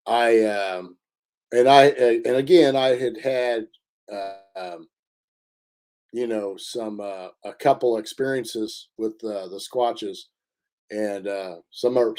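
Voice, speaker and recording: A man telling a story in a casual interview, halting often with fillers and restarts. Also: fairly low pitch, darkish tone. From Indiana. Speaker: interview guest.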